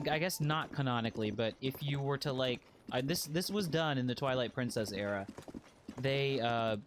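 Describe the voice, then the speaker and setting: A man streaming a video game, chatting in a playful, joking way and breaking into excited squeals. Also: mid-range voice. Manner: puts on a put-on accent by habit. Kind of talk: casual let's-play commentary.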